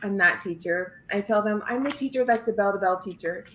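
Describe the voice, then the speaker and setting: A woman who works as a teacher chats as a guest, telling lively stories and laughing often. Her voice sounds roomy, with echo and faint background noise. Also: medium pitch, fairly quick.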